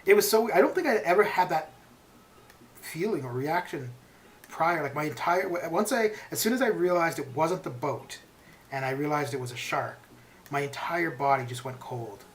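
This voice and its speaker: A man's voice: a little high, expressive, moderate pace. A man in his forties chatting casually on a live game stream, rambling and answering his chat. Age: 40s. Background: stream background music.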